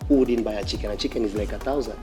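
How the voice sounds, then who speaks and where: A man's voice: fairly low pitch, rapid-fire, music in the background. A man with a Kenyan accent preaching a fiery sermon, repeating phrases and challenging his listeners directly. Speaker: pastor.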